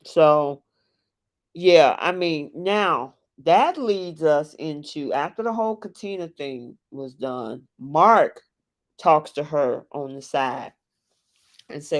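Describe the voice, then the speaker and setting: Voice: mid-range voice, slow pace. A live stream host giving a casual, opinionated recap of a reality dating show, acting out what people said and reacting to the chat. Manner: animated and opinionated, acts out what cast members said; reacts to viewers in the chat mid-talk.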